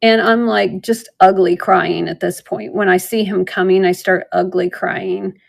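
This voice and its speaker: Gravelly-voiced woman chatting through a live sale. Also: mid-range voice, fairly even intonation, unhurried. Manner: chatty, rambling storytelling with fillers. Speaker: online jewelry seller. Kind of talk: casual live-sale chat.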